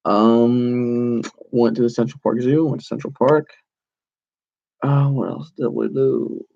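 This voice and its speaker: A man's voice: mid-range voice, level tone, takes it slowly, creaky, warm tone, lo-fi sound. A young man in his twenties hosting a casual solo podcast, rambling through stories with lots of "like"s and self-corrections. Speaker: podcast host.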